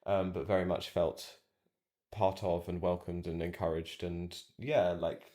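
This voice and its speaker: Podcast co-host, young man, very deep voice, reflective and halting, lots of ums. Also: fairly even intonation, mellow. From England. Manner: reflective, hesitant with many fillers. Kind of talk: casual chat.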